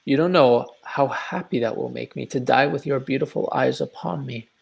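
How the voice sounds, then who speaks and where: An actor reading a blustering lovesick landowner in a live video-call play reading, stammering through impassioned declarations. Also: male voice, medium pitch, normal speed, creaky, a little mellow. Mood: pleading.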